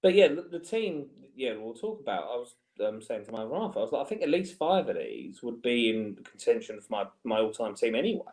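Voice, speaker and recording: A man in his forties, a guest in a casual football chat, talking in a lively, animated way. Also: medium pitch. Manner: lively, animated, quick to laugh along.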